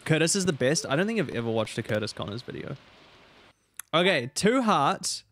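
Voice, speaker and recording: A man streaming a game, rambling in animated casual commentary and talking to his chat. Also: on the high side, normal speed, a little hiss or hum.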